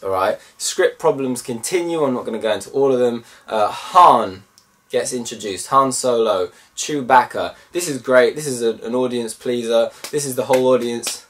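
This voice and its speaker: A man giving a casual film review, animated and mimicking voices in bursts. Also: medium pitch, recorded from a distance.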